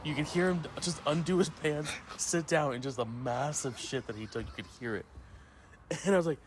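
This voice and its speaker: A man telling a prank story on a casual podcast, often jumping into high squeaky voices when he quotes people. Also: expressive, a little fast, a little hiss or hum. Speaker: podcast co-host.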